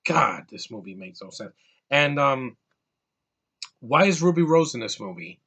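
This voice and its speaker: A man with a bright, forceful voice rants through a movie review. He sounds exasperated and keeps restarting his sentences as he goes. His pitch sits in an ordinary middle range. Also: very animated, unhurried, breathy edge. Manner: exasperated, ranting, repeats words and restarts. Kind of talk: casual movie rant.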